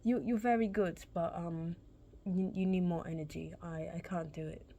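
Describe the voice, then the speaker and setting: A woman's voice: on the low side, fairly even intonation, moderate pace, mellow. A woman voicing a blunt, unimpressed male talent director, putting on a British accent and delivering curt, dismissive verdicts. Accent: British, put on.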